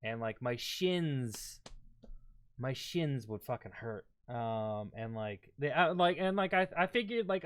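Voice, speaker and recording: Halting man in his thirties chatting. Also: mid-range voice, lively intonation, clear, resonant tone. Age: 30s. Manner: halting, full of restarts and "like". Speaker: guest. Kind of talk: casual podcast chat.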